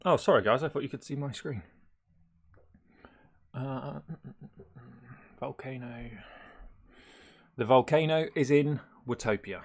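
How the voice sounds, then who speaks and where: A man's voice: mid-range voice, slow, long pauses. A man chatting casually on a live stream, rambling and laughing often, with many hesitant fillers.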